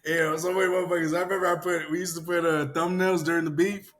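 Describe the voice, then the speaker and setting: A man casually chatting on a podcast, animated, laughing often and swearing freely. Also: quick pace. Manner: animated, mimics commenters in loud high-pitched yelling. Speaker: podcast co-host.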